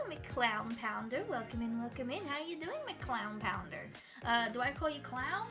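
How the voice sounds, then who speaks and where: A woman's voice: on the high side, expressive, unhurried, over music. A woman streamer chatting casually with her viewers while she draws, swearing freely and laughing often.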